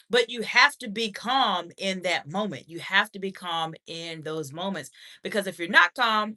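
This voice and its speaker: A woman's voice: mid-range voice, bright, forceful tone. A woman hosting a live question-and-answer stream on leadership communication, reading viewer comments and answering in a direct, encouraging way.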